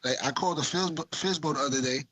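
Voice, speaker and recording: A man's voice: a little high, quick pace, a bit bright, breathy edge, dry recording, poor audio. A man with a New York accent, a newer real estate agent, chatting loosely on a video call with lots of "like" and "you know". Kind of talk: casual chat.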